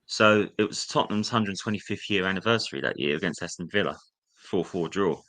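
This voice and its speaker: A man's voice: low voice, fairly quick, a bit bright. A young man telling candid personal stories from his school days, now and then putting on the sneering voice of a teacher. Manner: candid, reliving memories, acts out a teacher's sneering voice. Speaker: guest. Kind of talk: personal storytelling.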